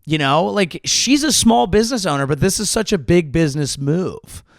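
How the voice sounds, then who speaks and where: A man's voice: high voice, lively intonation, moderate pace, creaky, dry recording, studio quality. A man hosting his comedy podcast, delivering a sarcastic, rambling monologue full of restarts.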